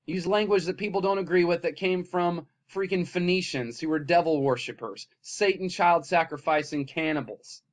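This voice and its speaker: Talking at a normal speed with hardly any pauses, this vlogger delivers an impassioned rant to his own camera in a slightly high voice. He lurches from heated yelling down to tired, low muttering, with profanity throughout.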